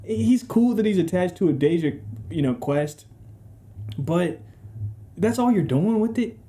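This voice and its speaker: A man's voice: high voice, lively intonation, unhurried, mellow. A man giving a casual, rambling game ranking commentary, profane, slangy and sarcastic. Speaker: gaming video creator.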